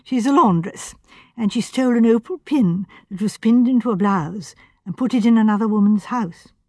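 A woman reading as a shrewd, gentle elderly spinster, talking softly with hesitant pauses. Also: mid-range voice, no echo, clean studio sound, lightly acted. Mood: musing. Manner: soft, hesitant, musing.

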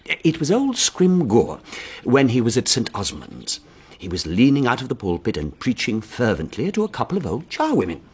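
An actor playing a gentle, bookish vicar who tells stories affectionately in a radio drama. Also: male voice, medium pitch, huge pitch swings, moderate pace, husky. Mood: fond. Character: gentle scholarly vicar, fond storyteller.

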